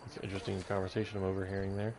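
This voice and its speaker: A man's voice: deep voice, completely flat delivery, very fast, a crowd in the background. A man casually commentating a live gameplay stream, rambling and breaking off into tangents. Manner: rambling, self-interrupting, goes off on tangents.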